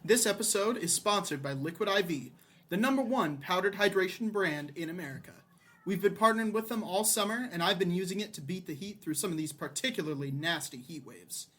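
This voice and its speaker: A man's voice: sits high, brisk, fairly bright tone. A man co-hosting a podcast, reading sponsor ads in an upbeat, salesy delivery. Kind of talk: mock sponsor read.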